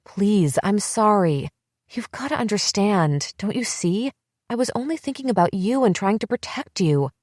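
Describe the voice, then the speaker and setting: A woman's voice: mid-range voice, animated, unhurried, no echo, studio quality. A woman reading the part of a desperate young woman who begs and pleads with her sister in an audiobook. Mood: pleading. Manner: pleading, wheedling, rising to yelling.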